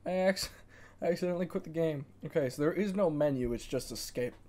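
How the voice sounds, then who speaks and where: A young man streaming video games, reacting excitedly and laughing as he plays. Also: a little high, fairly quick. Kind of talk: casual gaming commentary. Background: faint game music.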